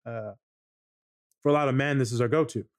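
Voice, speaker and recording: A man's voice: medium pitch, brisk, no echo, studio quality. Laid-back man explaining on a podcast. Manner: laid-back, swears, explains with acted-out examples. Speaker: therapist guest on a podcast. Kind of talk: casual podcast chat.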